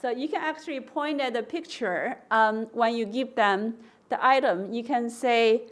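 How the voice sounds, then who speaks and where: A woman giving an academic conference lecture, explaining testing steps and acting out example prompts with slow, stressed words. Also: on the high side. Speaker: conference speaker.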